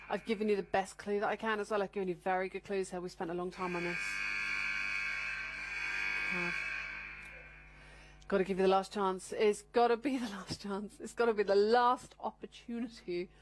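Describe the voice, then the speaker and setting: A woman's voice: mid-range voice, little pitch movement, normal speed, long pauses, noisy background. Giggly woman hosting a phone-in quiz. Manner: chatty, teasing, giggly. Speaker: quiz show presenter. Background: background music.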